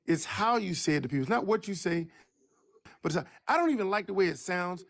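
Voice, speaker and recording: A married man with a baritone voice co-hosting a live stream chat, lecturing emphatically and slowing down to stress his points. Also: lively intonation, gravelly, a bit bright. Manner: preachy, emphatic, slow for stress.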